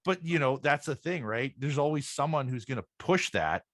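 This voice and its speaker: A man's voice: mid-range voice, lively intonation, moderate pace, a bit bright, dry recording, studio quality. A man hosting an interview, talking loosely with many restarts. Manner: rambling, lots of restarts and fillers. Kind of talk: conversational interview.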